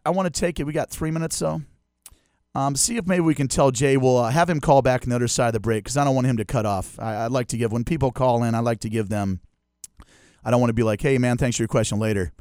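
A man's voice: medium pitch, darkish tone, no room sound. A man hosting a sports radio show, chatting and joking in a rambling, casual way from a studio. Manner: jokey, rambling, quick to laugh. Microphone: studio microphone.

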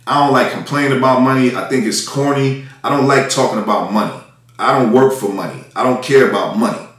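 A man's voice: mid-range voice, fairly quick, a bit bright. A man, an independent music artist, delivering an angry, profane rant that circles back on itself again and again. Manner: profane, heated, repetitive. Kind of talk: angry ranting monologue. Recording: echoey room, mic at a distance.

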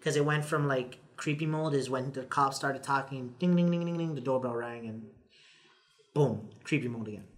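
A man's voice: mid-range voice, moderate pace. A man co-hosting a casual podcast, animatedly recapping an anime episode and acting out the characters' lines. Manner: animated retelling, acting out quotes. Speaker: podcast co-host.

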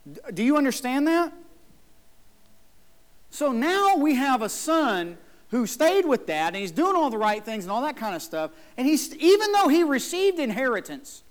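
Man, pastor, sermon, emphatic, higher voice. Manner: emphatic, acts out the whining brother. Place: church.

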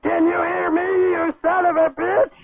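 A man's voice: extremely high pitch, little pitch movement, normal speed, gravelly. A man on a prank call putting on a rude, accusing fake detective character. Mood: blustering. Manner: blustering, insulting, shouting at times. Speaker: prank caller. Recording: tinny phone line.

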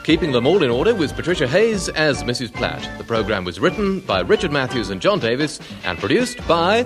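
A male announcer reads the closing credits of a radio comedy. His delivery is crisp and formal, with an animated lilt, and clear theme music plays under him. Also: mid-range voice, fairly quick.

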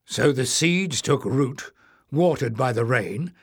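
Man doing a gruff grown warrior. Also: medium pitch, animated, slow, dry recording, studio quality, heavily acted. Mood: reasoning.

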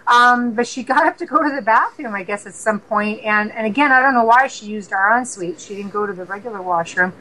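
Canadian woman telling lively ghost stories. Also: a little high, fairly quick, few pauses, poor audio. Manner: animated, laughing storyteller acting out dialogue. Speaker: paranormal investigator guest. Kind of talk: casual storytelling interview.

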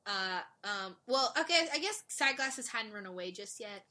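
A woman's voice: mid-range voice, moderate pace. A woman co-hosting a podcast, recapping a show in casual chat and acting out the characters' lines. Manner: animated storyteller, acts out quotes. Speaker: podcast co-host.

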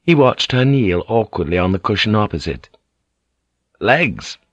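Fields: Sex: man. Role: audiobook narrator. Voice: low. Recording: dry and close. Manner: measured. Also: expressive, dry recording, highs cut off.

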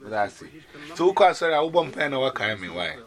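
Ghanaian guy on a video call telling his story, lively, mixes in english, voice jumps all over. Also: fairly quick. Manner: lively storytelling, mixing in English, pitch leaping up and down. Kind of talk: personal testimony on a video call.

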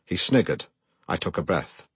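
An actor playing a pompous, self-regarding middle-aged broadcaster who narrates his own memoir in a deadpan way. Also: low voice, moderate pace, husky, dry recording, exaggerated voice. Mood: self-important. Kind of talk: comic audiobook narration.

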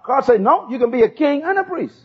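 With an extremely high, expressive voice and a brisk pace, a man preaches emphatically, repeating key phrases for the congregation to say back. The sermon is captured on a dull lo-fi tape.

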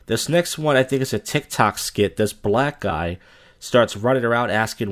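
A man's voice: mid-range voice, animated, moderate pace, fairly bright tone. A man hosting a reaction video, giving crude, sarcastic commentary. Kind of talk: casual commentary.

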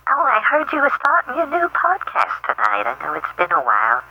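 A man's voice: very high-pitched, huge pitch swings, a little fast, creaky, heavily acted. A man doing a mopey dumped caller on the phone. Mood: sulky. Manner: mopey, self-pitying, touchy. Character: heartbroken man, ex of a pop star, calling in. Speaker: prank caller in a comedy bit. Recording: muffled phone line.

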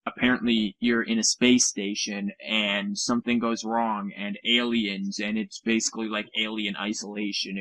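A man's voice: on the low side, fairly bright tone, no echo, rough recording. A man co-hosting a casual gaming podcast, rambling and sarcastic, often correcting himself. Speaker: podcast co-host.

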